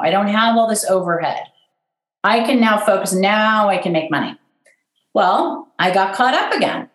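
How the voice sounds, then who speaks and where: A middle-aged woman who runs an event planning business, telling her story in a lively, self-deprecating way and acting out the quotes. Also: mid-range voice, roomy sound, poor audio. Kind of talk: casual storytelling talk.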